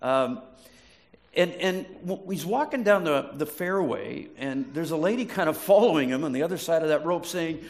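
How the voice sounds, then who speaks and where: A man's voice: on the high side, lively intonation, moderate pace. A man preaching a sermon as a pastor, telling stories, often restarting words and asking the congregation questions. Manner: storytelling, restarts words, asks the audience questions.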